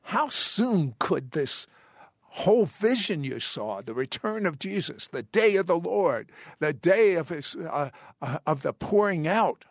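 Gravelly host guy asking slow questions, dry close mic. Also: a little high, big pitch swings, no echo. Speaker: interviewer host. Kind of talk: interview questions.

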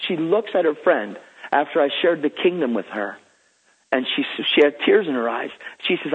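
A man's voice: a little high, expressive, moderate pace, slightly rough. Eager man preaching over a phone line. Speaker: guest minister. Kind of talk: enthusiastic storytelling.

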